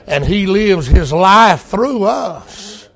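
A middle-aged man preaching a sermon, swinging from impassioned cries to hushed, quiet lines. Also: sits high, animated, very slow, gravelly, slightly rough.

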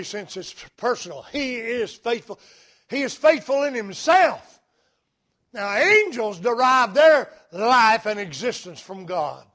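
A male preacher delivers a sermon with a high voice and a slow, deliberate pace. He swings from quiet asides to emphatic, shouted lines. He weaves personal stories into his preaching. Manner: emphatic, rising to shouts, anecdotal.

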